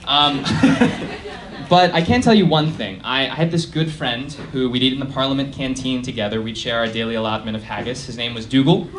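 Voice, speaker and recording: Deadpan young man doing stand-up. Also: mid-range voice, normal speed, background noise. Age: young adult. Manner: deadpan, self-deprecating, lots of fillers. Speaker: stand-up comedian. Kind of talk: stand-up comedy set. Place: college performance space.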